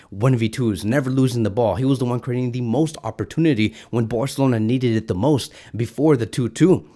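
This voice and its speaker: A man hosting a football fan channel, giving an excited, ranting reaction to a match and repeating himself when worked up. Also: medium pitch.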